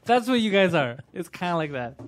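A man with a high voice that swings up and down a lot. He teases the others and riffs with crude jokes in a loose, casual chat. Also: big pitch swings, fairly quick, slight background noise. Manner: teasing, crude riffing.

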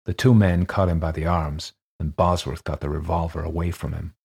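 Audiobook narration: male reader, deep pitch, husky voice, measured ghost-story telling. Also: fairly even intonation, a little mellow.

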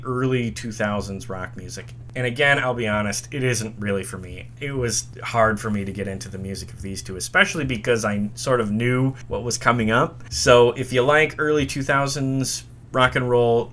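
A man's voice: medium pitch, pushed and bright, a little hiss or hum. A man hosting a music history podcast, reading a script in an enthusiastic, opinionated way. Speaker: podcast host.

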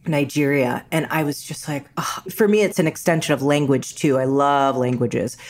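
Woman, American accent, very low pitch, lively storyteller, casual chat. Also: moderate pace. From New York. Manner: animated storyteller, slips into voices. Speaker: actor and guest.

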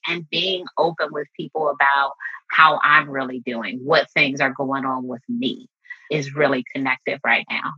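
A woman in her forties with a low, husky voice and a bright, forceful edge, answering interview questions as a therapist in a reflective, calm way. The audio is dull and lo-fi, like a remote recording. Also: measured pace. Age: 40s. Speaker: therapist guest.

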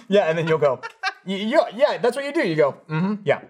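High, lively man telling funny stories. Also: a little fast, a little hiss or hum. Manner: animated storyteller, laughs often, acts out quotes. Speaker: podcast regular. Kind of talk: casual chat.

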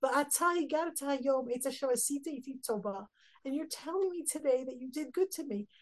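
A woman's voice: high voice, a little fast, rough recording. A woman teaching a Torah lesson, reading Hebrew verses and explaining them earnestly. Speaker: Bible teacher.

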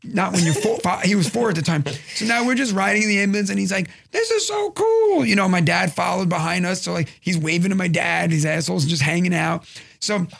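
A man's voice: sits high, steady tone, fast talker, creaky, fairly bright tone. A man in his thirties casually telling rambling, profane comedic stories, slipping into voices for the people in them. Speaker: guest telling a story.

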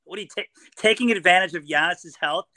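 A man's voice: high voice, fast, pushed and bright, dry recording. A man calling into a sports show, arguing bluntly about his team. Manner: blunt, argumentative. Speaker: caller. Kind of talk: call-in sports debate.

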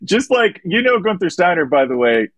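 A man's voice: sits high, big pitch swings, normal speed, no echo. A man hosting a motorsport podcast, chatting casually and joking as he reads out listener questions. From United States. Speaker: podcast host. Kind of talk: casual chat.

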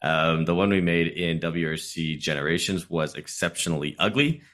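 A man's voice: sits low, moderate pace, fairly bright tone. A man, a streamer guest on a podcast, chatting casually and explaining his views at length.

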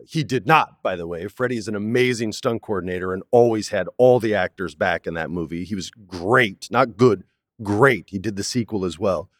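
Man, 40s, low voice, chatty and animated storyteller, dry studio sound. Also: no room sound. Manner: animated storyteller, acts out quotes, says "man" often. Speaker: actor, interview guest. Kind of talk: casual storytelling interview. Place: studio, in person.

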